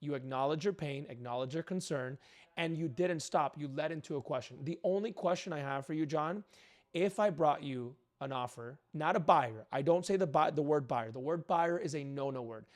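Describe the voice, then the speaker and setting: A man's voice: fairly high pitch, moderate pace. A man coaching real estate agents, talking directly and acting out sample phone calls. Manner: direct and emphatic, acts out phone scripts. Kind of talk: coaching monologue with role-played cold calls.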